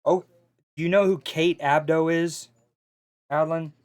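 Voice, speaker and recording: A man's voice: a little high, a little slow, clear, resonant tone. Chatty man doing casual esports commentary. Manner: chatty, loose, excitable, with frequent fillers and restarts. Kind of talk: casual live stream commentary.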